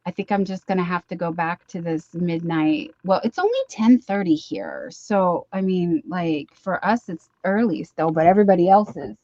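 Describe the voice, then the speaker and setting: A woman's voice: fairly low pitch, moderate pace, few pauses, warm tone, no room sound, highs cut off. Chatty woman hosting a crochet livestream. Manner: chatty, rambling, reads chat comments aloud. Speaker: live stream host. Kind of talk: casual chat.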